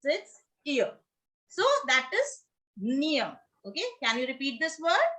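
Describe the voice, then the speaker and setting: A woman's voice: sits high, very animated, a little slow, fairly bright tone. A woman teaching a pronunciation lesson to a class, leading drills, coaxing students to repeat words and checking in with "okay?".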